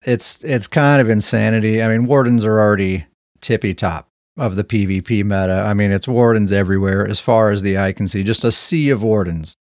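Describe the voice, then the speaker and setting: A man's voice: fairly low pitch, brisk, darkish tone, no echo, studio quality. A man hosting a casual gaming podcast, talking through patch notes in an upbeat way. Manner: upbeat, explains game patch details. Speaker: podcast host.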